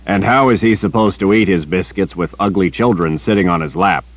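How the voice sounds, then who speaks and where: A man reading an audiobook, voicing a big, gruff male warrior who speaks stern yet teasing to a child. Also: low-pitched, a little fast, no room sound.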